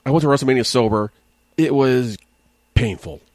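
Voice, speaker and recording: A man's voice: mid-range voice, moderate pace, a little mellow, no echo. A man co-hosting a podcast in casual chat, joking and reading quotes aloud. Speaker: podcast co-host.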